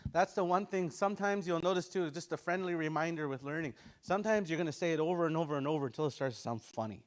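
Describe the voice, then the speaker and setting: A fairly high-pitched man leads a casual language class, taking words slowly and saying them more than once for his students.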